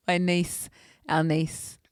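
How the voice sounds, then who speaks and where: A woman's voice: deep voice, completely flat delivery, drawn-out words, smooth, no room sound, studio quality. A woman co-hosting a podcast, telling stories in casual chat and laughing often. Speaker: podcast co-host.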